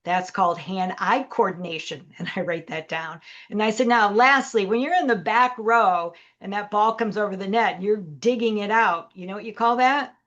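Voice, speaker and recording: A middle-aged woman tells a story on a podcast, slipping into the voices of the people in it. Her pitch sits at an ordinary middle height. The audio is slightly dull and lo-fi. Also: moderate pace, hardly any pauses. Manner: animated storyteller acting out dialogue. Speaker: guest, leadership coach.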